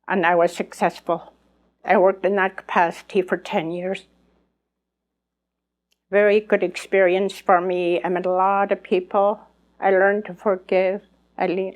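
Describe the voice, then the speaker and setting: Older woman telling her life story. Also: lowish voice. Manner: earnest, acts out remembered dialogue. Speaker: elder speaking at a conference. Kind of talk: personal storytelling testimony.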